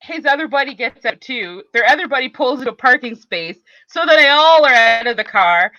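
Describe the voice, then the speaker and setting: A woman hosting a podcast, telling an animated, profane story in casual chat. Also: high voice, brisk, no room sound, highs cut off. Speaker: podcast host.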